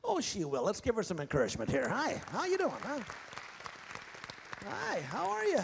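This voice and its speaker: A man hosting a live ventriloquist show talks in a folksy, teasing way as he guides volunteers around the stage. His voice sits fairly high and swoops lively up and down. Faint room ambience hums behind him. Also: normal speed, vocal fry, crowd noise, noisy background. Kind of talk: live stage comedy banter. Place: large theatre stage with audience.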